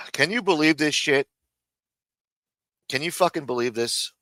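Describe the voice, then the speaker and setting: Bright, angry man ranting live. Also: fairly high pitch, animated, takes it slowly, no room sound, rough recording. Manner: angry, profane, mocking. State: talking around a throat lozenge. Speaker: live stream host. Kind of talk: heated live stream rant.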